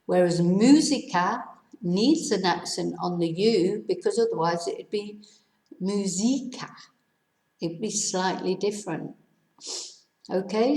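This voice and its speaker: A woman teaching a casual video lesson, a little hoarse with laryngitis, spelling words out letter by letter and adding chatty asides. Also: medium pitch, slow, mellow, echoey room, rough recording. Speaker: Spanish teacher.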